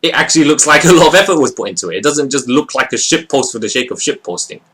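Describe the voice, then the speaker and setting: A young man giving a casual, rambling video review of a friend's short film, expressive and full of fillers. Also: medium pitch, fast talker.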